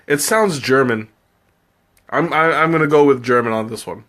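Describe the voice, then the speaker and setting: A man's voice: mid-range voice, moderate pace, a bit bright, a little hiss or hum. A man hosting a live tea tasting, chatting casually with viewers, laughing often and thinking aloud. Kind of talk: casual live-stream chat, answering viewer comments.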